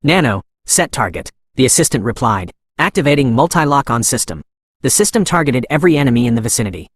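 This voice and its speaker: Man, comic recap narrator, brisk even reading, dry close sound. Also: medium pitch, no room sound. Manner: even, brisk reading with tag after each quote. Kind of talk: scripted story narration.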